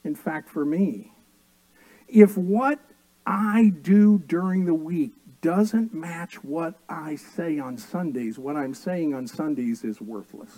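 A middle-aged male pastor preaching from the pulpit, slipping into homely stories with a dry wit. His voice sits a bit high for a man yet sounds dark and mellow. The sound is close and dry, with no room echo. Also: slow pace, few pauses. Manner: storytelling with dry humor. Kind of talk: sermon.

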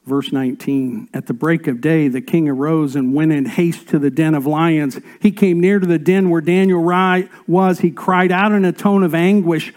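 Man preaching, warm voice, big dynamic swings. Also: on the high side, fairly even intonation, normal speed, hardly any pauses. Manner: swings between raised emphatic lines and soft whispered asides. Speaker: pastor. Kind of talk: sermon.

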